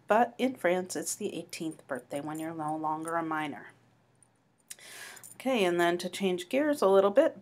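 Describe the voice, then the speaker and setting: A woman teaching a French class online, patiently explaining grammar and modeling pronunciation. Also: lowish voice. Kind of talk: online class review lecture.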